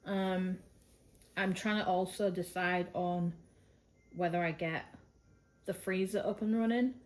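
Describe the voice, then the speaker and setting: A woman's voice: lowish voice, steady tone, a little slow. Chatty rambling woman vlogging from home. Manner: chatty and rambling, many "like" and "um" fillers. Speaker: craft vlogger. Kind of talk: casual monthly roundup vlog. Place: at home indoors.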